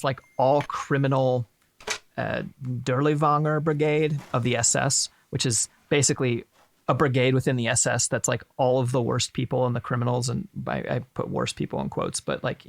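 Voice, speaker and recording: A man's voice: mid-range voice, creaky, dry recording. A man hosting a live stream, chatting casually about history with irreverent, profane jokes. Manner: irreverent, profane, joking asides. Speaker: stream host.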